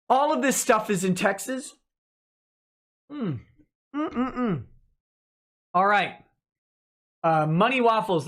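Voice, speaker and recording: A man's voice: high voice, measured pace. Sarcastic man hosting a live chat stream. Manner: sarcastic, animated, mocking. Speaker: livestream host reading chat. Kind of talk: casual livestream commentary.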